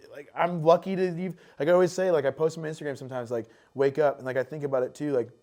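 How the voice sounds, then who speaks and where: A man's voice: fairly high pitch, fairly even intonation, racing, a little mellow. Rambling, swearing podcast guest, man. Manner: rambling, swears freely, many fillers like "like" and "dude". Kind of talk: casual chat.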